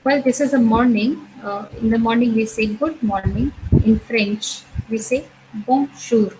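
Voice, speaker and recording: Slow, repetitive woman teaching French. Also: fairly high pitch, noisy background. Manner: slow and repetitive, repeats each sound and word for students; explanatory, with frequent "uh" and "okay". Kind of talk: recorded university lecture.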